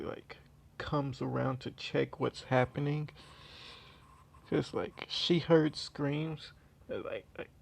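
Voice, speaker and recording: Slow, gravelly, rambling storyteller. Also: mid-range voice, darkish tone. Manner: rambling, many fillers and restarts. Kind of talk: casual fan story retelling.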